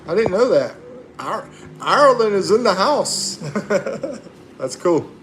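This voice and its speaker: A man's voice: high voice, big pitch swings, slow pace, a bit bright, soft background music. A man hosting a casual livestream, reading viewer comments aloud and chatting back with laughs and fillers. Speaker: livestream host.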